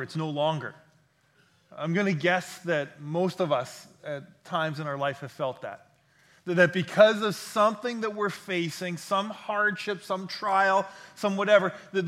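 A pastor preaching a sermon in a church, in a friendly, conversational manner. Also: male voice, a little high, fairly bright tone.

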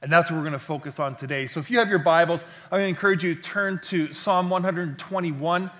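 A pastor preaching a sermon in a church, in a friendly, conversational manner. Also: male voice, fairly high pitch, quick pace, sharp tone.

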